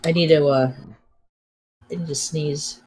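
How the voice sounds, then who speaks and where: A woman's voice: deep voice, fairly even intonation, unhurried, darkish tone, husky, low-quality recording. A woman co-hosting a casual livestream chat, laid-back and dry, offering easygoing reassurance.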